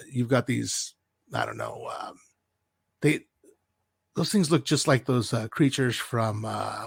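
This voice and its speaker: A man co-hosting a podcast, retelling an episode in a rambling, animated way with playful asides. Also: medium pitch, vocal fry, breathy edge, no room sound, clean studio sound. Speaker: podcast co-host. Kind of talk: casual chat.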